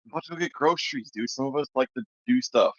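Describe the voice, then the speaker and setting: A man's voice: medium pitch, quick pace, dry recording. Wisconsin man on a dull, dry line. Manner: dry and defensive, swearing, laughing. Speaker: call-in guest. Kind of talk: casual chat.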